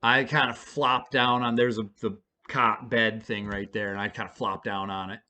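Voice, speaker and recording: A man's voice: lowish voice, flat delivery, normal speed, sharp tone. A man casually telling a story, rambling and swearing freely with lots of fillers. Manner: rambling and profane, with many fillers. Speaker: storyteller vlogger.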